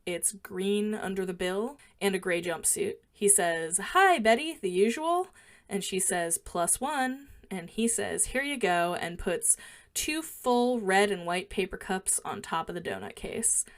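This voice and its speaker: A woman's voice: lowish voice, unhurried. Matter-of-fact woman podcast co-host. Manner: detailed, matter-of-fact recounting, quoting dialogue. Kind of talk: casual podcast chat, describing film scenes.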